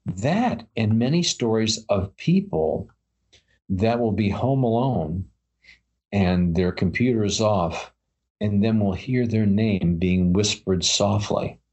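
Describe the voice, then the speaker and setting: A man's voice: on the low side, lively intonation, takes it slowly, a little mellow, husky, highs cut off. A man co-hosting a casual chat about paranormal stories, rambling with many fillers and restarts. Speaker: podcast co-host.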